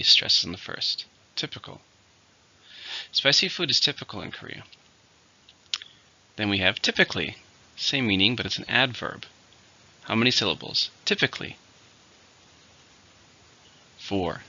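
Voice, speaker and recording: A man teaching English vocabulary in a scripted lesson, saying each word slowly and clearly and then repeating it. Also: fairly low pitch, sharp tone. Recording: dull lo-fi recording.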